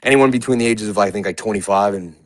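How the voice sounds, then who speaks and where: A man's voice: on the low side, fast, no echo, rough recording. A man in his forties from New York, a guest telling personal stories in a rambling way, full of filler words. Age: 40s. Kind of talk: casual conversation.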